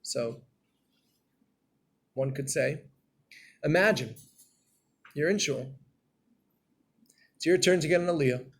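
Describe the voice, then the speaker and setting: Gravelly, husky-voiced man teaching Torah. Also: fairly high pitch, slow pace, pauses often. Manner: storytelling with acted-out scenes, gets loud and animated. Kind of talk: Torah class talk.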